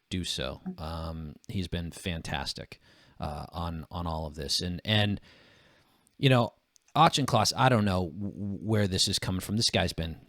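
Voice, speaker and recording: Podcast co-host, male, lower register, dry sound, casual and restart-prone delivery. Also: no room sound. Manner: halting, restarts a lot, animated when riled. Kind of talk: casual political chat.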